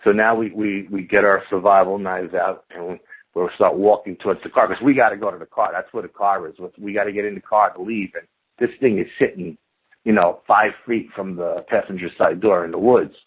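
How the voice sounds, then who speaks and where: A man's voice: deep voice, fairly even intonation, brisk, slightly rough. A man telling his eyewitness story in loose, dramatic everyday talk, acting out what each person said. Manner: talkative, dramatic, acts out what people said; loose speech with "like" and "you know" fillers and swearing. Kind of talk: casual spoken storytelling. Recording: tinny phone-line audio.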